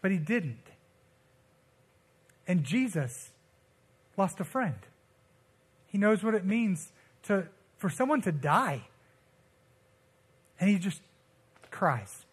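A young man gives a laid-back, conversational sermon in a husky voice that sits high for a male speaker. He tells stories packed with slang, acting out the people he quotes.

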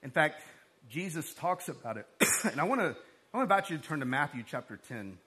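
Bright-voiced pastor giving a sermon. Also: male voice, a little high, fairly quick, husky. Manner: conversational storytelling, animated when excited.

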